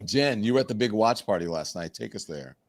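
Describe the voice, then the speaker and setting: A man hosting a live political panel show talks in a casual, chatty way and often jumps in to steer the conversation. His voice sits on the low side. The sound is dry, with little room around it. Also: expressive, no echo. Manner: chatty, quick to interject. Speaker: talk show host.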